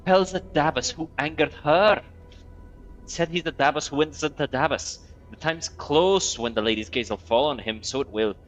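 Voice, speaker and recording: A man's voice: mid-range voice, flat delivery, drawn-out words, pauses often, fairly bright tone, voice pushed up. A man voicing a scared young woman rogue in a video game, with a forced brogue full of aye and so it will, in a raised, urgent voice. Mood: pleading. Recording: dull lo-fi sound, faint music.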